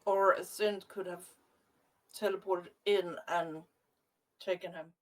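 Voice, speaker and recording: A woman playing a tabletop game, speaking slowly and hesitantly. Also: on the low side, fairly even intonation. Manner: slow and hesitant. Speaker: player. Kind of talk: casual tabletop play. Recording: distant from the mic.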